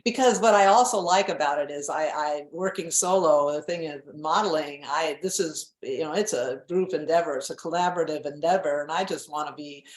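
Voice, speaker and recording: A woman's voice: deep voice, fairly quick, hardly any pauses. Candid woman in her seventies, echoey room. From New England. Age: 70s. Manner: candid, self-mocking, laughs often. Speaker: guest author. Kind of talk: casual interview chat.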